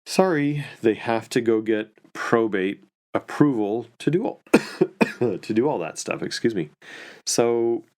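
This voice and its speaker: A man's voice: medium pitch, animated, takes it slowly, a little mellow. A man who is an estate planning and probate attorney, telling a story casually with many fillers and restarts.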